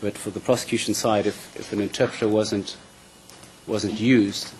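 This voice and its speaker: Male prosecutor, lowish voice, formal courtroom questioning, faint background noise. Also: flat delivery, normal speed. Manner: formal, repeats words as he starts. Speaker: prosecution counsel.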